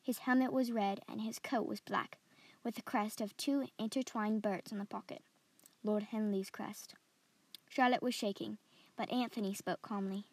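A woman reading a story aloud in a steady, descriptive way as a podcast host. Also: medium pitch, moderate pace, dry recording. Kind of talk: scripted story narration.

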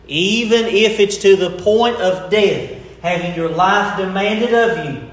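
A man delivers a sermon at a very slow, measured pace. His voice sits fairly high, and he pauses to stress key words. The sound carries a roomy echo. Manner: slow, deliberate preaching with emphatic pauses. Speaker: preacher.

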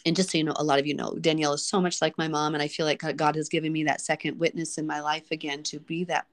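A woman hosting a Bible study, reading scripture aloud and discussing it earnestly, slowing down to stress key words. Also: low voice, level tone.

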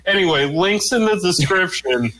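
A man's voice: high voice, animated, normal speed, sharp tone. A man hosting a podcast in casual chat, talking loosely and profanely with lots of filler words. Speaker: podcast host.

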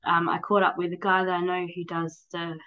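A woman's voice: lowish voice, little pitch movement, a little fast, phone-quality sound. Candid, rambling woman in her thirties. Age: 30s. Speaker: podcast guest. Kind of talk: casual interview chat.

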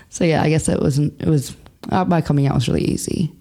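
A young Australian woman chats openly as an interview guest, swearing freely and leaning on fillers. Her voice is mellow and dark with a gravelly rasp at the ends of phrases. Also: low voice, moderate pace. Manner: frank and swears freely, laughs a lot, chatty with many fillers. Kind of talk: casual candid chat.

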